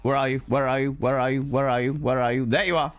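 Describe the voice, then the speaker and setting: A man's voice: mid-range voice, steady tone, fast, clear, resonant tone, dry recording, faint music behind. A man streaming a game live, ill with a cold, chatting to viewers in a playful, sing-song, flamboyant way. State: sick with a cold.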